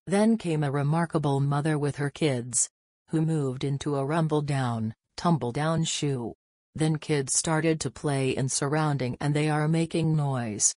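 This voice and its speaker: A storyteller reading a children's bedtime story aloud at a steady, deliberate pace. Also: mid-range voice, dry recording, clean studio sound.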